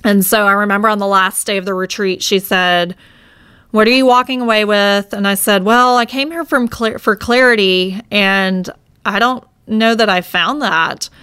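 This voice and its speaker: A woman's voice: medium pitch, normal speed, sharp tone, smooth, no room sound. A woman in her thirties telling her own story in an earnest, reflective way, often saying "like". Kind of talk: personal storytelling on a podcast.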